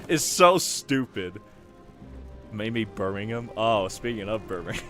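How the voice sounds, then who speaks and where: A man's voice: on the low side, normal speed, fairly bright tone. A young man rambling casually while he plays a game and answers chat, chuckling often. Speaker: gaming streamer. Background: game music.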